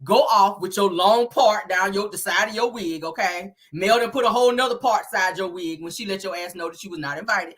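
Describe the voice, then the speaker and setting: A woman's voice: medium pitch, a little fast, hardly any pauses, a bit bright. A woman retelling a reality show in a casual, sassy way, full of slang and laughter. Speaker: show recap host.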